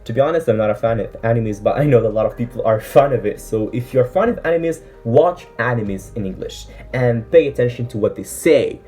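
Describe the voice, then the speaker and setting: Very low-voiced woman giving earnest advice. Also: expressive, a little fast, hardly any pauses, dark tone, soft background music. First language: Arabic. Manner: earnest, encouraging, many fillers and self-corrections. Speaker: English-learning vlogger. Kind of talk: casual advice vlog.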